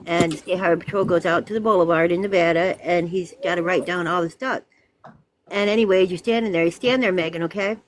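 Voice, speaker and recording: A woman's voice: lowish voice, fairly even intonation, brisk, slight background noise, poor audio. A woman joining a casual group chat, playful and joking.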